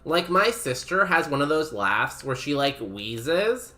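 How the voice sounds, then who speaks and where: A man's voice: on the high side, big pitch swings, measured pace, sharp tone, faint music behind. A young man streaming a game, chatting casually with his viewers, laughing often and saying "like" a lot. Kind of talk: casual chat while playing a game.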